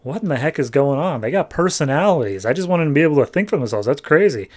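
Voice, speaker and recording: A man's voice: fairly high pitch, animated, fast talker. A man playing a frustrated male robot inventor, exasperated and rambling.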